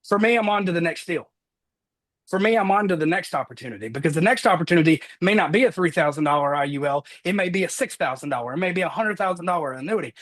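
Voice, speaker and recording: Fervent husky-voiced man with a drawl. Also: fairly high pitch, expressive. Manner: fervent, preacher-like, swings loud and slow for emphasis. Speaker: top-producing insurance agent, guest. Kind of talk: motivational talk.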